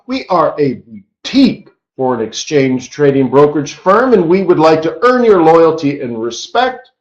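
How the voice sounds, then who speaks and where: Man, forex stream host, casual rambling teacher, tired, echoey dull-sounding room. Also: on the high side. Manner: chatty and rambling, with quick rote disclaimers. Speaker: forex market strategist hosting a live trading stream.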